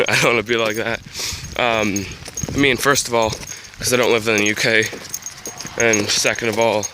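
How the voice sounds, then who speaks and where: A man's voice: medium pitch, steady tone, moderate pace, long pauses, sharp tone. Teenage guy, casual vlog, rambling with ums, handheld camera, noisy recording with wind and rain. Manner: rambling, with many ums and laughs. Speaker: vlogger. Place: home, then outdoors by a road in heavy rain.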